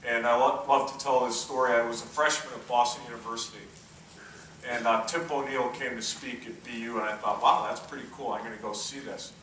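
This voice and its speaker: Bright-voiced man speaking in an echoey hall. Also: medium pitch, fairly even intonation, fairly quick, far from the mic, slight background noise. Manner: anecdotal storyteller, checks in with the audience. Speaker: keynote speaker. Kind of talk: conference keynote speech. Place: conference hall.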